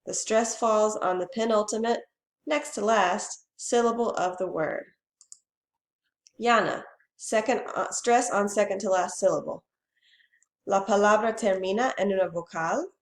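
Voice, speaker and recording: A woman Spanish teacher giving a bilingual lesson. She says each Spanish phrase first and then the English, slowly and clearly. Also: medium pitch, roomy sound.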